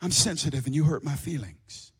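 A man preaching an impassioned sermon to a congregation, swinging from shouting to hushed tones. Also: on the high side, expressive, a little fast, breathy edge. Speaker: pastor. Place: church before a congregation.

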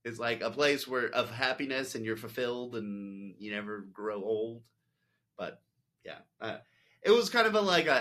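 Rambling man with a bright voice. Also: medium pitch, animated, normal speed. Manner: rambling, full of "like" and quoted asides. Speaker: podcast host. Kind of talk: casual chat.

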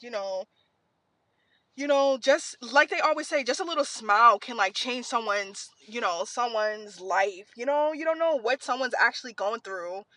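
A woman's voice: a little high, pushed and bright, dry recording. A young woman hosting a podcast, telling a heartfelt personal story in a rambling, casual way while tearful, recorded in a car. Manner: rambling, heartfelt, frequent fillers. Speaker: podcast host.

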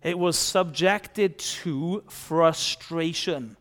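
A man's voice: on the high side, extremely slow. A man preaching a children's sermon, asking the kids questions and acting out playful voices. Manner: lively, asks children questions and acts out silly kid voices.

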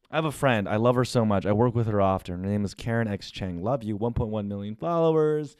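A man's voice: medium pitch, animated, moderate pace, a little mellow, no echo, studio quality. A young man from the United States hosting a casual podcast monologue, talking candidly and confessionally and swearing often. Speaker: podcast host.

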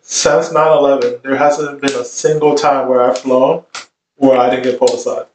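A man's voice: medium pitch, flat delivery, normal speed, far from the mic, slight background noise. A man, a chef, telling amused, laid-back anecdotes in casual chat. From Vietnamese heritage. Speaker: chef, podcast guest. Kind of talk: casual storytelling. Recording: roomy, off-mic.

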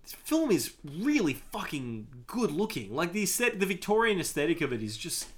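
A man co-hosting a casual film podcast, talking in an animated, enthusiastic way with frequent fillers. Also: high-pitched, normal speed. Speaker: podcast co-host.

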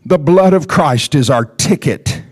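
A man preaching a sermon in a church, calling the congregation to respond and often rising to shouts. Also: on the high side, lively intonation, unhurried, husky, no room sound, clean studio sound. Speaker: pastor. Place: church sanctuary.

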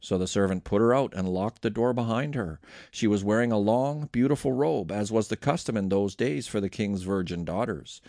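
A man hosting a daily Bible reading, reading scripture aloud with expressive, animated delivery. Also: fairly low pitch, normal speed, hardly any pauses, dry recording, clean studio sound. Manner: expressive reading with lively voiced quotes.

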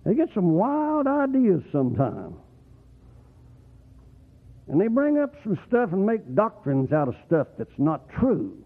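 A man preaching a folksy, rambling sermon as the pastor, getting excited and whooping at times. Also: high-pitched, a little slow, long pauses. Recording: tinny phone-like radio broadcast.

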